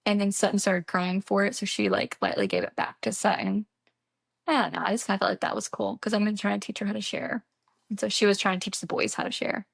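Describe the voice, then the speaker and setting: A woman's voice: medium pitch, lively intonation, quick pace, creaky, slightly rough, no echo, studio quality. A young woman co-hosting a podcast, chatting casually and laughing as she tells stories. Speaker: podcast co-host. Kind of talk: casual chat.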